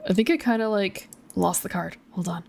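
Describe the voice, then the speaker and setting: A woman's voice: mid-range voice, brisk, creaky, a little hiss or hum. Giggly young woman streamer reading aloud. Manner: chatty, giggly, self-deprecating asides. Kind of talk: casual streamed read-aloud of a gamebook.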